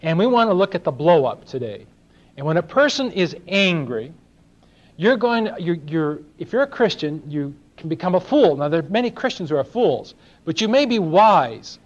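A man's voice: on the high side, very animated, normal speed. Older man preaching, lo-fi recording. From Los Angeles. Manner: conversational, asks the congregation questions, acts out little dialogues. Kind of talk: sermon. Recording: dull lo-fi sermon recording.

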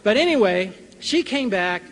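An older man with a notably high voice tells a personal story to a church audience. He chuckles often and acts out the scenes as he goes. His voice rings with the long reverb of a large hall. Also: sing-song, moderate pace, fairly bright tone. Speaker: Bible college teacher and speaker.

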